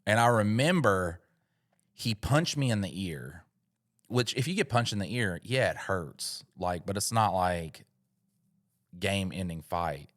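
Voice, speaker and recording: Low-pitched and a little slow, this man co-hosts a podcast and spins a meandering, funny story full of profanity. He's animated and rambling, telling it purely for comedy.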